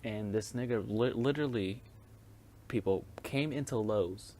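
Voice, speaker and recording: Young male podcast host, low-pitched, rambling, profane, casual solo talk. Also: measured pace, warm tone. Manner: profane, rambling, chuckles often.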